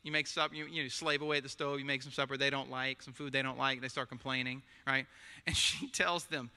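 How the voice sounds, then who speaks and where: A man's voice: medium pitch, fairly even intonation, a little fast, pushed and bright, smooth. A man preaching a sermon in a conversational, joking way, often checking in with his listeners by asking "right?". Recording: long hall reverb.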